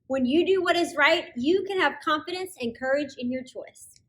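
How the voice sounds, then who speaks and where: A woman's voice: high-pitched, moderate pace. A woman hosting an online kids' church lesson in an upbeat, encouraging way. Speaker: children's ministry host.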